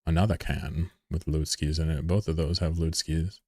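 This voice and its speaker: Low-voiced man swearing through a game stream. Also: little pitch movement, normal speed, a little mellow, slightly rough, no echo, studio quality. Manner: rambling and profane, chuckling often. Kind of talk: casual live-stream commentary.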